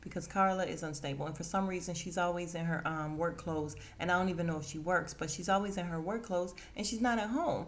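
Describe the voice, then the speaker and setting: A woman hosting a podcast, casually recapping a TV episode and acting out the characters' lines with lively, expressive delivery. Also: lowish voice, fast talker, hardly any pauses. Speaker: podcast host.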